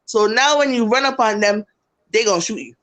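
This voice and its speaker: A woman from Jamaica on a casual live-stream chat, talking in an animated, rambling way. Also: on the high side, a little fast.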